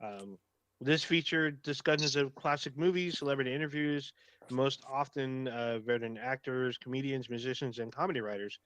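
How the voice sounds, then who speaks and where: Male co-host, mid-pitched, casual, filler-heavy, dry close mic. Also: normal speed, fairly bright tone, smooth, no echo. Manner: reads facts aloud with fillers, laughs easily. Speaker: podcast co-host. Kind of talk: casual podcast chat.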